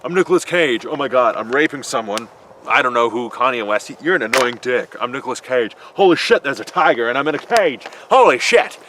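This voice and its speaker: Man doing a panicky caged man: frantic, high, loud, bright-edged, street noise faintly behind. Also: expressive, a little fast. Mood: manic. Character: panicky, manic man trapped in a cage with tigers. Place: outdoors in a built-up area.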